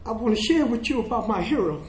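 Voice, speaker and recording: An older man from the South Bronx speaks in a notably high voice, sharing an emotional recovery testimony full of quoted conversations. His words ring out in a roomy, echoey hall, with a faint hiss underneath. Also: lively intonation, quick pace, a little mellow. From South Bronx, New York. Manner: emotional, storytelling with quoted dialogue. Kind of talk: personal testimony speech. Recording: echoey room, faint noise.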